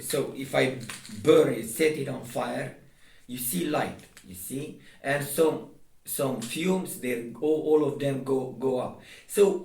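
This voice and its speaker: Insistent man talking from across a roomy space. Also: a little high. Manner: repetitive, restarts often, insistent. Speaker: video host. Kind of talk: casual explaining to camera. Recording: roomy echo, distant from mic.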